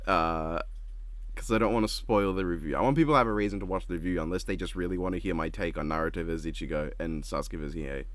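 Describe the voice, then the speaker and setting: A man with a lowish voice hosts a loose, casual reaction chat. He rambles along in a laid-back way and giggles often. The recording is dry and close. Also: quick pace, no echo. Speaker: channel host.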